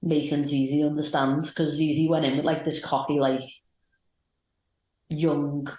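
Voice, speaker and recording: A woman's voice: low-pitched, level tone, measured pace, warm tone. A woman co-hosting a podcast, recapping matches in a rambling, enthusiastic chat. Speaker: podcast co-host. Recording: roomy echoey sound.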